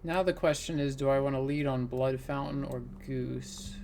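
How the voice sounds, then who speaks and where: A man's voice: mid-range voice, fairly even intonation, normal speed, creaky, a little mellow, a little hiss or hum. A man commenting on his own card game as he plays, thinking aloud and groaning at bad luck. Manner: talks through plays, exasperated, laughing groans. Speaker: gaming content creator. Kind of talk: live gameplay commentary.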